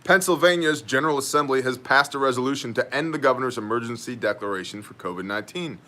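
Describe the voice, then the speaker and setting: A man's voice: medium pitch, quick pace, pushed and bright. A man hosting a daily news brief in casual style, sardonic and joking as he reads chat comments aloud.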